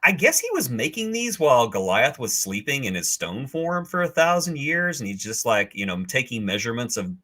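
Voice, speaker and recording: Bright-voiced man co-hosting a podcast. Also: medium pitch, very animated, fairly quick, hardly any pauses. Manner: enthusiastic, teasing about spoilers. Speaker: podcast co-host. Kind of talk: casual chat.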